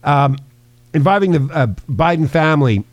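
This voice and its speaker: A man's voice: on the high side, normal speed, no room sound. A man hosting a talk radio show, crude and mocking in rambling banter. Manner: crude, mocking, rambling, prone to sudden silly voices. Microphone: studio mic with earpiece.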